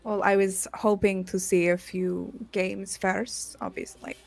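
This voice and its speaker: A woman's voice: mid-range voice, level tone, a little slow, gravelly. A woman playing a coy young rogue. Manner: coy, feigned innocence.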